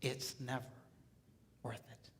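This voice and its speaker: A man's voice: slow, a little hiss or hum. Dramatic male seminar speaker, echoey hall. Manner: dramatic, swings from hushed whispers to shouting. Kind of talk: live relationship seminar talk.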